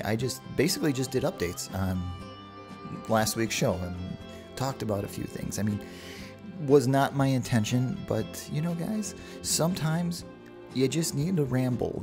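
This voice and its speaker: A man hosting a solo podcast, talking casually and rambling with profane asides. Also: mid-range voice. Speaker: podcast host.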